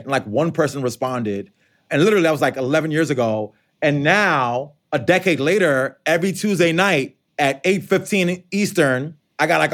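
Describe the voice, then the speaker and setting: Male author being interviewed, slightly high pitch, animated and chatty. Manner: animated, conversational, acts out quotes. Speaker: author and educator. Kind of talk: interview answers.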